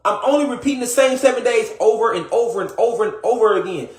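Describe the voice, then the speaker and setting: A man delivering a rambling, preachy comedic monologue, repeating himself and swearing often, getting louder as he goes. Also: high voice, fast talker, few pauses, echoey room. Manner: preachy, repetitive, profane, rising to shouts. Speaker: comedic conspiracy monologue performer.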